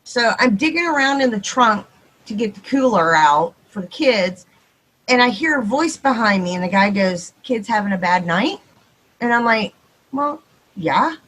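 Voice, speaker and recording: A woman with a Texan accent, probably in her thirties or forties, telling a ghost story on a podcast, quick and animated and acting out the dialogue. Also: fairly high pitch, low-quality recording. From Texas. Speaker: podcast guest. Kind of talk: casual storytelling.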